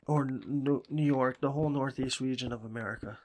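A man's voice: medium pitch, fairly even intonation, moderate pace, few pauses, a little hiss or hum. A man from Salem, chatting casually and swearing freely while commenting on his game. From Salem, Massachusetts. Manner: rambling, profane, chatty. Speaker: gaming channel host.

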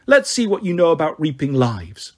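A man voicing a menacing male swordsman villain who taunts his opponent in a low, hushed way. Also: wildly swooping pitch, normal speed. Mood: taunting.

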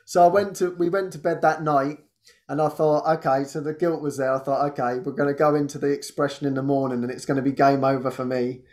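A man, hosting and telling a personal testimony in an animated way, laughing often and restarting his sentences. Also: medium pitch, quick pace. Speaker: host.

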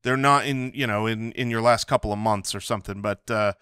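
Bright-voiced male comedy podcast co-host, rambling and self-deprecating. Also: lowish voice, steady tone, a little fast, smooth, no room sound, studio quality. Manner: rambling, self-mocking storyteller. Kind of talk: casual comedic banter.

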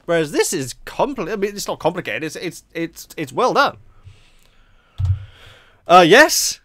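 A man giving excitable, chatty let's play commentary, joking and laughing often. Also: high voice, measured pace, no echo. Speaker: YouTube gamer.

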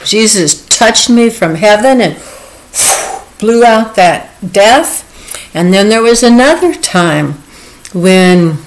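Earnest woman retelling scripture, slow, heartfelt, chuckles often. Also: medium pitch, lively intonation, rough recording. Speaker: devotional speaker. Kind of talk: informal Bible teaching.

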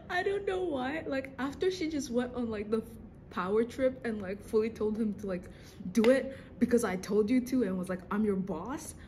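A young woman casually reacting to a TV drama episode, excitable and slangy, laughing often. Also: a little high, a little slow, long pauses, a little hiss or hum. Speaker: reaction video host.

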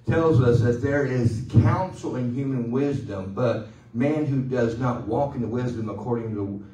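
A male pastor preaching a sermon in a loose, conversational way, joking and pausing for the congregation to answer. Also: medium pitch, dark tone, roomy sound, recorded from a distance, lo-fi sound. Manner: conversational, joking, with call-and-response. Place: church sanctuary.

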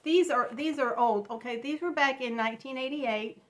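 Tearful halting woman vlogger. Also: high voice. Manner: halting, tearful, many restarts. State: crying. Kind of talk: emotional personal vlog.

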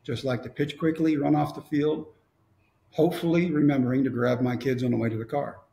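Gravelly middle-aged man, wry storyteller, echoey room. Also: mid-range voice, fairly even intonation, a little fast, dark tone, highs cut off. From Texas. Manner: wry, storytelling with quoted dialogue. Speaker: motivational speaker. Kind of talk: storytelling talk.

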